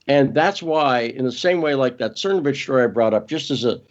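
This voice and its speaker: A man's voice: mid-range voice, brisk, lo-fi sound. A man as an interview guest, talking casually and emphatically, often restarting and correcting himself.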